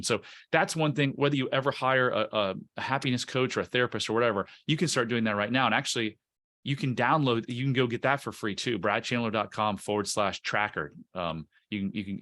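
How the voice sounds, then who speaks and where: A man's voice: medium pitch, a bit bright. A man on a podcast interview, explaining emotional self-help in an earnest, coaching way, often restarting words. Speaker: guest, coach.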